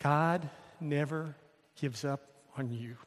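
A man's voice: fairly high pitch, slow. A male pastor preaching a sermon, telling a story with emphatic repetition. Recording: long hall reverb.

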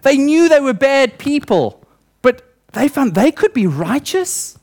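A man's voice: very high voice, big pitch swings, a little slow, a little mellow. A young male preacher giving a sermon in church, telling stories with acted-out quotes and voices.

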